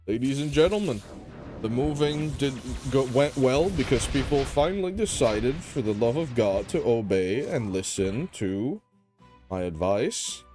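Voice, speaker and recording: A man's voice: medium pitch, lively intonation, a little slow, music in the background. A tired man hosting a gaming channel, rambling in casual gameplay commentary with a sleepy, self-joking manner.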